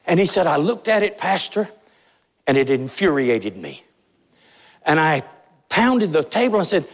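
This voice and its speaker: A middle-aged pastor preaching with a high-pitched, urgent voice that climbs and drops for emphasis. His words ring out through the long reverb of a large church sanctuary. The delivery is fervent and sermon-styled. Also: big pitch swings, measured pace, long pauses. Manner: impassioned, rising and falling emphasis.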